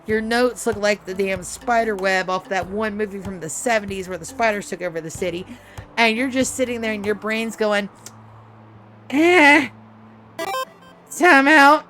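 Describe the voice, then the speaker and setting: A woman's voice: medium pitch, fairly quick, soft background music. A woman streamer chatting casually while playing a game, telling rambling, profane stories about running tabletop games. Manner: rambling, profane, animated storytelling.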